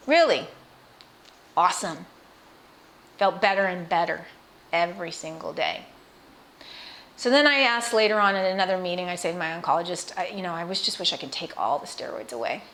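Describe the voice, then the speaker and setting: A middle-aged woman with cancer shares her experience in a personal vlog, speaking to camera earnestly and emotionally, with restarts and asides to the viewer. Her voice is on the low side, expressive and a bit bright, fairly quick, and she pauses often.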